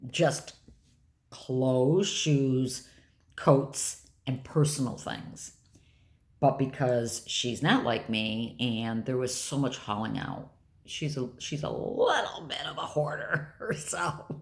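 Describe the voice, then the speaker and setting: An older woman talking candidly and bluntly in a rambling personal vlog. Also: very deep voice. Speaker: vlogger.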